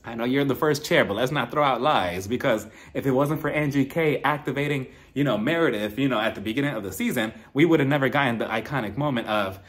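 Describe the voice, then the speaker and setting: A man casually recapping a reality show reunion, animated and laughing often as he mimics the cast's lines. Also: medium pitch, fast, hardly any pauses. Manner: animated, acts out cast members' lines in mimicking voices. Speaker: reality TV reviewer.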